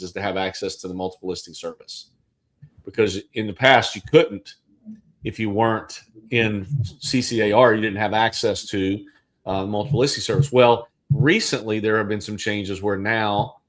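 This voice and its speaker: A man, co-hosting a livestream in casual chat and talking in loose, rambling sentences with restarts. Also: fairly low pitch. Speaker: livestream co-host.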